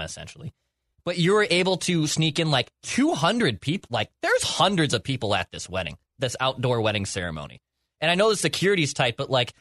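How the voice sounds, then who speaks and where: A man's voice: mid-range voice, fairly bright tone, no room sound, studio quality. A man on a movie podcast, mocking a film's wedding scene in casual chat.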